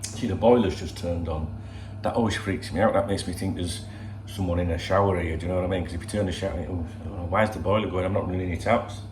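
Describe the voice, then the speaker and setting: A man's voice: sits low, fairly even intonation, fast talker, a little mellow, a little hiss or hum. Rambling older man in a roomy room. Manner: rambling, full of "you know" asides. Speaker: football channel host. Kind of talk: casual solo video chat. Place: at home indoors. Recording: roomy home echo.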